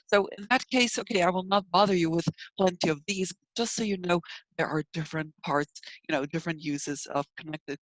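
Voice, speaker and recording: A woman's voice: lowish voice, steady tone, a little fast, no echo, poor audio. A woman with a slight North American accent giving a pronunciation lecture in a webinar, chatty and full of fillers like "you know", sounding out example phrases. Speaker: language teacher.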